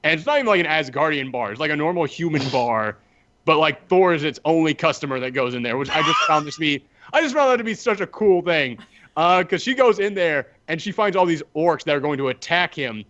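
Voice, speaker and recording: A lively man talks comics on a podcast, slipping into quick character voices as he goes. His voice sits fairly high. The sound is a bit dull and lo-fi. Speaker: podcast co-host reviewing comics. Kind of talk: casual chat.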